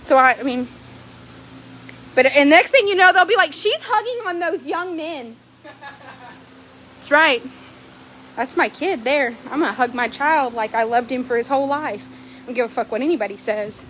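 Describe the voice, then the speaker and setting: Woman horse trader, high voice, brash and profane, phone recording outdoors with faint noise behind. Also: normal speed, long pauses. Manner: blunt, swearing, lively storytelling. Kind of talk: casual vlog chat.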